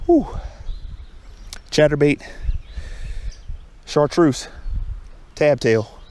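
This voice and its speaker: A man vlogging from the shore, chatting casually to viewers in an excitable, chatty way, recorded outdoors. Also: mid-range voice, moderate pace. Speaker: fishing vlogger. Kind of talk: casual talk to camera. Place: outdoors on a lakeshore.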